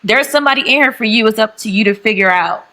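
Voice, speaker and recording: A woman's voice: on the high side, fast, sharp tone, poor audio. Chatty woman with a St. Louis accent. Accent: St. Louis, Missouri. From St. Louis, United States. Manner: candid, laughing, talkative. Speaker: guest. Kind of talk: casual podcast chat over video call. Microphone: video call.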